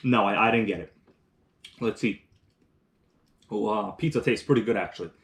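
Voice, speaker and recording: A man's voice: on the low side, normal speed, a bit bright. A man hosting a casual live stream, chatting while eating and reading viewer comments aloud, rambling with restarts. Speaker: livestream host.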